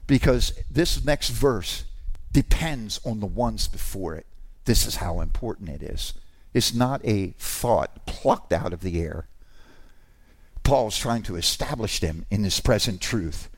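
A man preaching a sermon, animated and informal, with asides and restarts, rising to shouts on key lines. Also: fairly low pitch, slow pace. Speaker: pastor.

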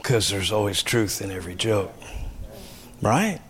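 A middle-aged man, a pastor, preaching a conversational sermon that swings between loud raised passages and hushed asides. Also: fairly low pitch, animated, a little slow.

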